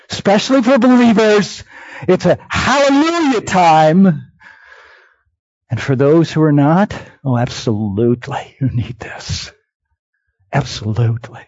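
A male preacher with a husky, fairly high voice delivers a sermon at an unhurried pace. His delivery swings between hushed near-whispers and raised, emphatic cries. The recording is dull and lo-fi, with a dry, close sound. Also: dry recording.

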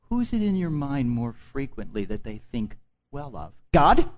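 A man's voice: medium pitch, sing-song, measured pace. A man preaching a sermon emphatically, repeating his key phrases over and over.

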